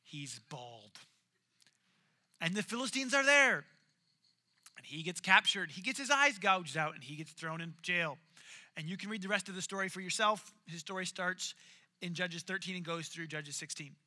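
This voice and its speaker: Man, sermon, animated storytelling, high pitch, bright tone. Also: moderate pace. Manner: animated, jokey storytelling with acted quotes. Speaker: preacher.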